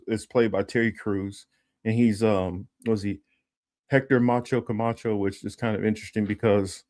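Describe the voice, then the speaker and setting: A man's voice: fairly low pitch, dry recording, studio quality. A man hosting a casual political livestream, talking with many fillers and restarts and reading news text aloud. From Los Angeles area. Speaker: political commentary host.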